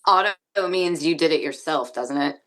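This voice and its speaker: A woman with a strikingly deep voice takes part in a casual chat. She speaks earnestly and a bit hesitantly, as if working out her thoughts aloud. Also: moderate pace, a bit bright.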